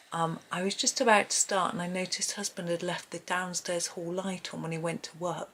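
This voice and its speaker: A woman's voice: fairly low pitch, level tone, normal speed, fairly bright tone, a little hiss or hum. Chatty woman thinking aloud while colouring. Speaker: colouring channel host. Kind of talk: casual colouring tutorial chat. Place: home, at a desk with a tripod camera. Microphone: camera on a tripod.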